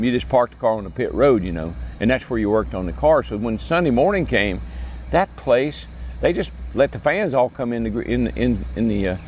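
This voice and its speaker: An older man telling folksy stories in a casual way, animated as he acts out what others said. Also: medium pitch, highs cut off, a little hiss or hum. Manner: folksy, animated storyteller who acts out quotes in a raised voice. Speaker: retired racing driver telling stories. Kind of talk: casual storytelling. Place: outdoors at a racetrack.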